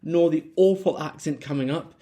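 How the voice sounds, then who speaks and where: A man's voice: fairly high pitch, moderate pace, dark tone. A man hosting a podcast, talking through an intro in a chatty, apologetic way with frequent ums. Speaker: podcast host.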